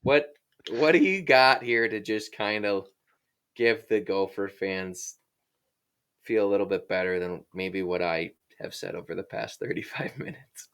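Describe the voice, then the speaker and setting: Bright-voiced chatty podcast host. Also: male voice, on the low side, a little slow, smooth. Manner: chatty and self-deprecating, laughs often. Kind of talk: casual sports podcast chat.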